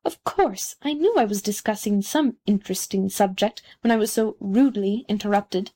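A woman's voice: medium pitch, normal speed, dark tone, close to an everyday voice. A woman doing a pompous, conceited rocket. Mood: huffy. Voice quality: haughty, self-important.

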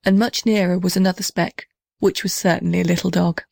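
A woman reading a children's storybook aloud in a gentle, measured way. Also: fairly low pitch, fairly even intonation, creaky, no echo, studio quality. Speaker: narrator.

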